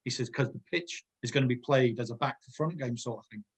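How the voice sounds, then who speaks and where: A former footballer with a husky, mid-range voice talks at a quick pace in a casual chat. He rambles through anecdotes, drifting off on tangents and laughing often.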